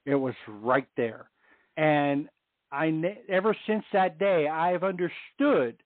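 On a Catholic radio show, a middle-aged male guest gives an earnest faith testimony, repeating himself for emphasis. His voice sits on the high side and comes through a phone line with no room sound.

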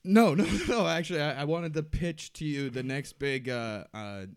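A man playing a boastful inventor pitching his big idea in an improvised comedy sketch, rambling and halting. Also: clean tone, no room sound, studio quality, close to an everyday voice. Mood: scheming. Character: brash male inventor pitching a sport, cocky.

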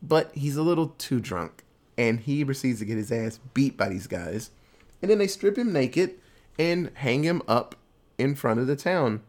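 A man casually recapping a movie plot in a loose, animated way, with lots of fillers and some swearing. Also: medium pitch, normal speed.

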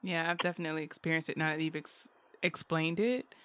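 A woman's voice: deep voice, fairly even intonation, brisk, fairly bright tone, smooth. A woman in a casual chat, asking curious questions and thinking aloud.

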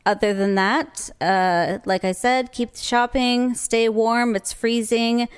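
Woman co-host with a smooth, clear voice, easygoing sign-off. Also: fairly high pitch, slow. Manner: easygoing, brief agreeing replies, relaxed sign-off. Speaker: podcast co-host. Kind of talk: casual chat, show sign-off.

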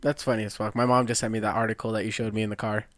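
Blunt young man, low-key, dry sound. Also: little pitch movement, racing, no echo. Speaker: podcast co-host. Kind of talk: casual chat.

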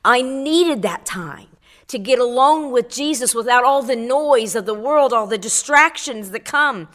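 A middle-aged woman tells her testimony on a radio show with preacherly fervor. Her voice sits a little high for a woman and climbs higher as she presses each point. She repeats phrases and leans into scripture as she speaks. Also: lively intonation, unhurried, a bit bright. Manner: fervent and preacherly, swells on key phrases, repeats words. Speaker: guest giving a testimony. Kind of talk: impassioned spoken testimony on radio.

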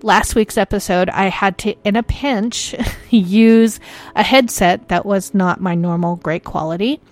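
A woman's voice: medium pitch, measured pace. A woman hosting a podcast who chats casually with a giggly, self-mocking manner, then narrates a folk tale into a desk microphone. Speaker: podcast host. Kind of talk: casual chat and storytelling narration.

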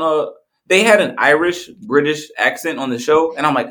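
A young man co-hosting a podcast, joking crudely, swearing and laughing easily. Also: a little high. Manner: animated, swearing, quick to laugh. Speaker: podcast co-host. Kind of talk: crude casual banter.

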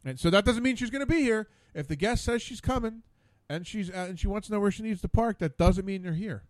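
Male talk-radio host, solo rambling monologue, stammery, slightly high voice, dry close sound. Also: fairly quick, dry recording. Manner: stammering, repeating words, exasperated. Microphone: studio mic.

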